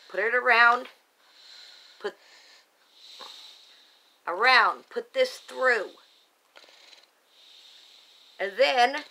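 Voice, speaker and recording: A woman's voice: on the high side, pushed and bright, poor audio. A woman speaks in an agitated, insistent ramble, doubling back and restarting her sentences as she insists on her version. It is a plain home recording, made on a camera held by a family member. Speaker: parent telling her own account.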